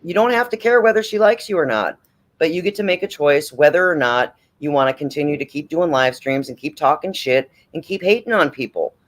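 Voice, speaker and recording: A man with a slightly high voice hosts a late-night livestream and talks in a loose, casual way. He is blunt and preachy, swears freely and. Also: expressive, fairly quick, fairly bright tone. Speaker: livestream host.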